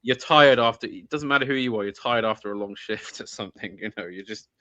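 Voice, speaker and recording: A man hosting a relaxed chat with a bright, forward voice. He is eager and full of stops and restarts, with easy laughter along the way. He is recorded dry and close. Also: on the low side, no echo, highs cut off. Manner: enthusiastic, halting, often laughing. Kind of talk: casual chat.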